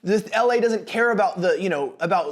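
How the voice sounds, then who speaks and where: A young man hosting a casual commentary show, talking in an animated, sarcastic way with frequent restarts. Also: high-pitched, fairly quick. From United States. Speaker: political commentary host.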